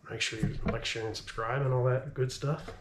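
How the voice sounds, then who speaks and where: A man's voice: medium pitch, steady tone, brisk, echoey room, distant mic, noisy background. A man, out of breath, talking casually to camera in a rambling, laid-back way full of fillers. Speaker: gun reviewer.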